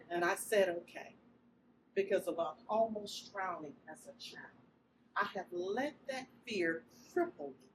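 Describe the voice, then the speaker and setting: A woman's voice: mid-range voice, slow pace, distant mic. A woman giving an emotional inspirational speech, telling a story expressively to an audience. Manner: expressive storytelling, breaks into loud cries when acting out quotes. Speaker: speaker sharing a story with an audience. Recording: speech recorded with steady background noise.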